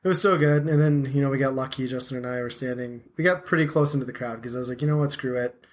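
A man's voice: mid-range voice, quick pace. Rambling man hosting a podcast. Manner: rambling, lots of "like" fillers, self-deprecating. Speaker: podcast host. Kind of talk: casual podcast chat.

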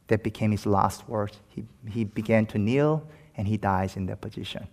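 A man's voice: lowish voice, normal speed, darkish tone. Impassioned male pastor in echoing hall. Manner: impassioned, rising to emphatic peaks. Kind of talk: sermon. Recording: long hall reverb.

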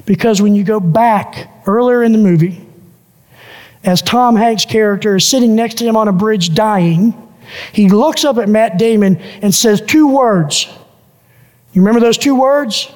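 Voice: mid-range voice, unhurried, darkish tone, in a large hall. A pastor preaching a sermon who builds each point through repeated lists and phrases.

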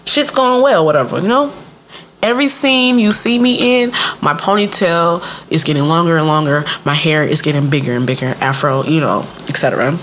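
A woman in her thirties spins a childhood story in a stand-up routine, her everyday voice sitting a little low. She is profane and playful, laughs at her own lines, and keeps jumping up into squeaky high voices to act out the people in the story. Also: slight background noise. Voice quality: animated, acts out voices in high squeaky pitch.

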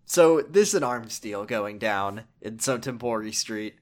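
A man's voice: on the low side, expressive, a little slow, a little mellow. A young man casually recapping a video game, rambling and joking with frequent restarts. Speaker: game commentator.

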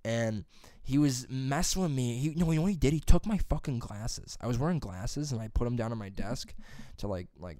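A young man telling a rambling high school story on a podcast, swearing freely and saying "dude" and "like" constantly. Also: lively intonation, brisk, dark tone, dry recording, clean studio sound. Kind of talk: casual storytelling chat.

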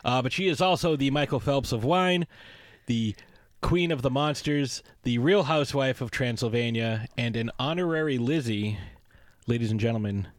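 A man's voice: medium pitch, moderate pace, no room sound. A man hosting a podcast in casual, playful chat that keeps wandering off on tangents. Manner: playful, rambling, prone to tangents. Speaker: podcast host.

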